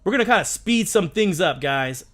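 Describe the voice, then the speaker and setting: Excitable rambling man hosting a live stream. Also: sits high, normal speed. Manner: excitable and rambling, with frequent restarts. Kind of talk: casual live stream chat.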